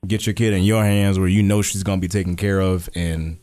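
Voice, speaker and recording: A man's voice: sits low, steady tone, fairly quick, mellow. A man co-hosting a podcast in a laid-back, slangy casual chat, drawing out his reactions. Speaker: podcast co-host.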